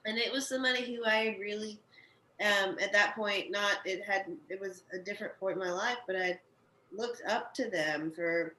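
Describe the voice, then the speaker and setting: A woman's voice: medium pitch, normal speed, bright, forceful tone. A young adult woman, a podcast guest working in the cannabis industry, talking candidly and emphatically in a casual conversation and swearing freely. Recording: echoey room, faint background noise.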